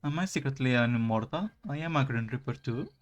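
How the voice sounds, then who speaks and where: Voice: medium pitch, a little fast. A streamer casually playing a visual novel and reading the main character's lines with playful drama. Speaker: let's play streamer.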